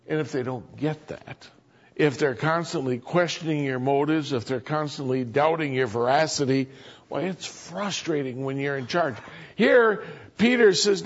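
A man's voice: fairly high pitch, unhurried, dull audio. A man preaching a sermon, reading scripture and then explaining it in an earnest, emphatic way with many rhetorical questions.

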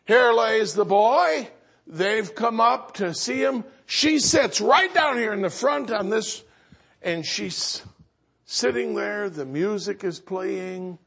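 Husky high-voiced pastor preaching slow, goes from loud to real quiet and earnest. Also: male voice. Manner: storytelling preacher, swinging from loud exclamation to hushed earnestness. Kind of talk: sermon.

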